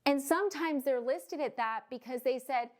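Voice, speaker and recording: A woman's voice: high-pitched, normal speed. A woman mortgage loan officer explaining home buying in a casual, chatty way, tossing in "right?" and "okay?" and joking asides. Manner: jokey asides and acted quotes.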